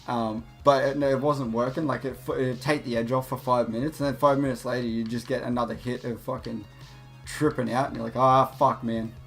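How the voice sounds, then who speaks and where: A young man talks casually over his gameplay, cursing often and tripping over his words as he tells a story. His voice sits at an ordinary middle pitch. Faint music plays underneath. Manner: rambling, profane, laughing, with many restarts. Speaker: gaming channel host.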